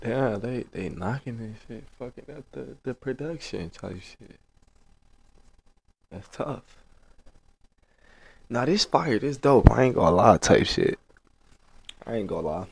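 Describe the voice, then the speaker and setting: A man's voice: medium pitch, expressive, slow pace, gravelly, pauses often, a little mellow, husky. A man hosting a reaction video, talking in laid-back slang and repeating his phrases. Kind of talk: casual reaction commentary.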